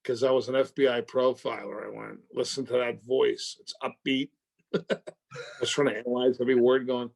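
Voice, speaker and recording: A middle-aged man talks in a gravelly, rough-edged voice. He tells his story with energy, acting out the phone calls and bursting into exclamations and curses as he goes. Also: medium pitch, level tone, moderate pace. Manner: acts out phone calls with swearing and loud exclamations. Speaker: actor interview guest. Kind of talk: animated storytelling in conversation.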